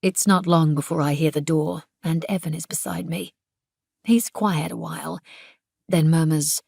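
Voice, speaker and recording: A woman reads an audiobook in the first person, with a low, gravelly voice. She turns intense and emphatic in the dialogue. The sound is close and dry. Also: steady tone, moderate pace, a little mellow, no echo. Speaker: audiobook narrator.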